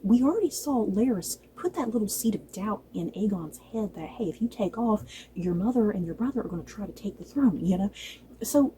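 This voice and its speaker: A woman casually reviewing a TV episode, chatty and animated, laughing often and acting out lines from the show. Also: mid-range voice, fairly quick, slight background noise, rough recording. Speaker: book and TV reviewer.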